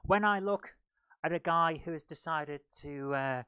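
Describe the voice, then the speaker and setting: A woman's voice: low-pitched, measured pace, fairly bright tone, clear, resonant tone, dry recording, muffled recording. Sardonic woman doing stand-up. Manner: sardonic, mocking asides and incredulous outbursts. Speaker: stand-up comedian. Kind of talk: stand-up comedy routine. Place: comedy club stage.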